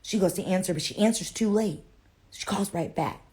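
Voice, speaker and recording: A woman's voice: medium pitch, normal speed, a little mellow. A woman on a phone livestream, telling a story in a playful, dramatic way. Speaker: social media personality.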